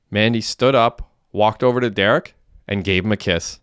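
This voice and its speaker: A man reading a crime story aloud in a plain, steady way. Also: fairly low pitch, moderate pace, smooth, dry recording, clean studio sound. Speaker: narrator. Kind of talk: audiobook narration.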